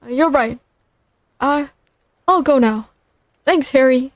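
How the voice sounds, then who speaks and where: A woman's voice: high-pitched, takes it slowly, no echo, clean studio sound. A woman voicing an anxious, guilty man who stammers apologies and confessions. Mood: nervous. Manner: hesitant, apologetic.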